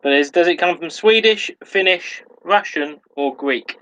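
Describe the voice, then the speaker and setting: A man hosting an online pub quiz, reading each question slowly and repeating it, and laughing at himself when he stumbles over a word. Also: fairly high pitch, bright, forceful tone, rough recording. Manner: self-mocking when tongue-tied. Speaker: quiz host.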